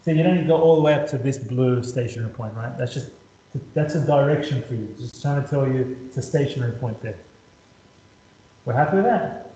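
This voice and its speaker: A man's voice: mid-range voice, fairly quick, mellow. Chatty male maths tutor, roomy sound. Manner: chatty, repetitive, talks students through steps. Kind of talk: casual whiteboard lesson. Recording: roomy echo, slightly dull lo-fi sound.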